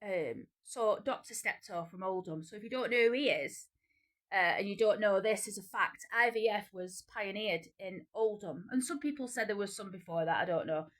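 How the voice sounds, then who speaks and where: A woman in her forties with a Northern English accent, chatting casually to camera in a rambling, animated way. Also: normal speed. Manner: chatty, rambling, many restarts and repeats; animated, pitch jumping up when excited. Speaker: vlogger.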